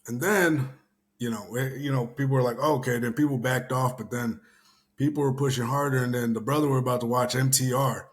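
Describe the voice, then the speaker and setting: A man's voice: mid-range voice, steady tone, fairly quick. Rambling, profane man from Houston. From Houston area. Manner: rambling, swears casually, many fillers. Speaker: show host. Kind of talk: casual commentary chat.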